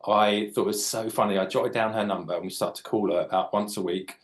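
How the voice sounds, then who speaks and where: With a fairly low, steady voice and a quick pace, a man in his late 40s jokes and chats as he draws live for young readers. He's a children's author who explains his drawing as he goes.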